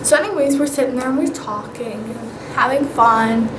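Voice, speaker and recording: A young woman vlogger telling paranormal stories in a casual, animated way. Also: fairly high pitch, moderate pace. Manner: chatty, animated, with whispered asides. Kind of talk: casual storytelling. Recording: echoey room with clear background noise.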